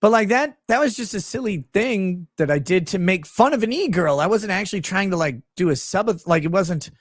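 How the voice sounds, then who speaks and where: High-voiced joking man, dry close sound. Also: lively intonation, brisk, dry recording. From Minnesota. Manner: rambling, crude and joking, with frequent fillers. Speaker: livestream host. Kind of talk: casual livestream chat reading super chats.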